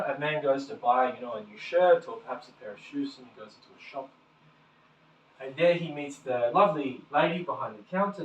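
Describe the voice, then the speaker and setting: A man's voice: medium pitch, slight background noise. A man giving a casual classroom lecture, telling stories and acting out little voices. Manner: animated storyteller, acts out little quoted voices. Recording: echoey room from far off.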